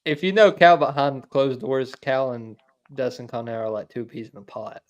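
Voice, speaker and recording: A man hosting a casual podcast, relaxed, laughing along and asking his guests questions. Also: mid-range voice, normal speed, highs cut off. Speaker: podcast host. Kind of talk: casual chat.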